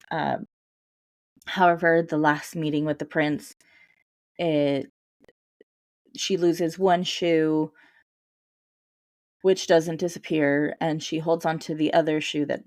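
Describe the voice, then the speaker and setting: A woman with a very low voice, deepened because she is sick, telling a story slowly and calmly. She leans on ums and small laughs as she goes. Her voice is recorded close and dry. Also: no room sound. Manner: relaxed, unhurried retelling with ums and laughs. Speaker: podcast co-host. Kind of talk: casual storytelling chat.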